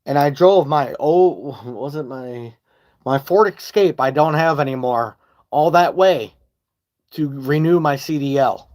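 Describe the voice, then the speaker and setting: A man's voice: a little high, a little slow, a little mellow. Rambling, swearing man live-streaming. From Michigan. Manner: rambling, swearing, loses his train of thought. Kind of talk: casual live-stream chat. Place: home basement. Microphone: phone.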